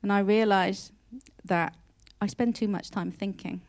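A woman's voice: mid-range voice, fairly even intonation, measured pace, a little mellow. A woman speaks in an earnest, heartfelt devotional talk. She sounds openly emotional and often repeats or restarts words mid-phrase. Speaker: Christian speaker.

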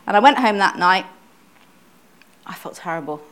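A woman's voice: lowish voice, lively intonation, normal speed, fairly bright tone, slight background noise. A middle-aged woman giving a personal testimony sermon at church, earnest and conversational, often restarting her phrases. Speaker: church speaker, pastor's wife.

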